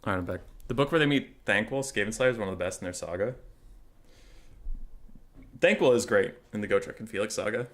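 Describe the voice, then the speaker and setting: A young man streaming a game, chatting in a lively, gushing way and swearing freely. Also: on the low side, a little fast, long pauses. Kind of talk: casual chat while streaming a game.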